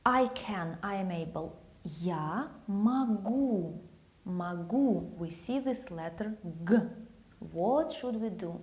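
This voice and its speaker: A woman's voice: mid-range voice, lively intonation, measured pace. A woman with a Russian accent teaching grammar, patiently repeating example phrases. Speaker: language teacher.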